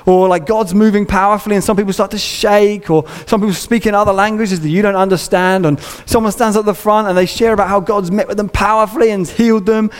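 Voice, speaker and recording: Man preaching, high voice, chatty and jokey, long echo from a big church hall. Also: fairly even intonation, fast talker, few pauses, smooth. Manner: conversational, humorous, acts out little scenes. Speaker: pastor. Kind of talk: sermon. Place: church auditorium. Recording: long reverb of a large hall.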